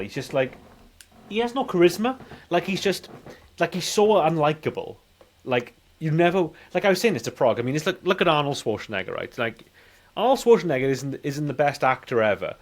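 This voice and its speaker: Blunt man trashing a movie. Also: on the high side. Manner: blunt, opinionated. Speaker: podcast co-host. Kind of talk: casual movie review chat.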